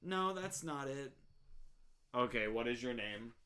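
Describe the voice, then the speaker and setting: A woman hosting a let's play, commenting casually and reading game text aloud, full of hesitant fillers with loud swearing outbursts. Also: very deep voice, lively intonation, a little slow.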